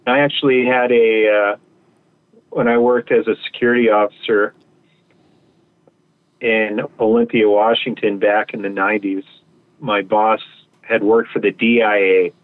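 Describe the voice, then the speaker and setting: A man's voice: on the low side, flat delivery, measured pace, pauses often. Male guest, casual rambling storyteller, heard over a tinny phone connection. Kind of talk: anecdotal storytelling.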